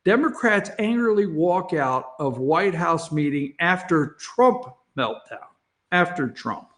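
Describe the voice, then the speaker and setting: A man's voice: a little high, lively intonation, slow pace, a bit bright. A man hosting an opinionated morning talk show from an office, blunt and sarcastic, chuckling between self-mocking asides to the camera. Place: office studio. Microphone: facing a camera.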